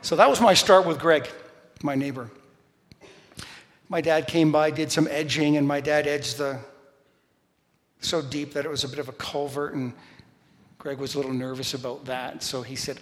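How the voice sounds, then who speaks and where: Animated storytelling preacher in echoing hall. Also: male voice, a little high, moderate pace. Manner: storytelling, animated, shouts quoted lines. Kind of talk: sermon. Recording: long hall reverb.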